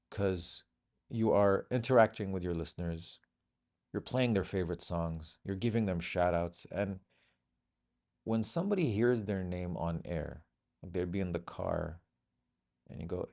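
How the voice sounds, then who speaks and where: A man's voice: deep voice, unhurried, gravelly, pauses often, darkish tone. A middle-aged man from Bahrain, a comedian guest telling stories in casual chat and acting out the voices of people he quotes.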